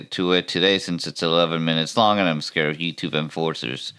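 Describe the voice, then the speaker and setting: A man's voice: very deep voice, steady tone, brisk, bright, forceful tone, clean tone. A man hosting a podcast, ranting about retail work in a wry, self-mocking way with rambling asides. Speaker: podcast host. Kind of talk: comedic retail-work rant and video reactions.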